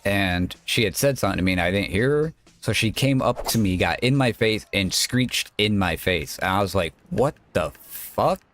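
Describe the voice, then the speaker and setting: Deep-voiced man rambling through a story. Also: moderate pace, hardly any pauses, fairly bright tone, a little hiss or hum. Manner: rambling, chatty, swears, quotes people. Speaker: streamer. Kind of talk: casual storytelling while gaming.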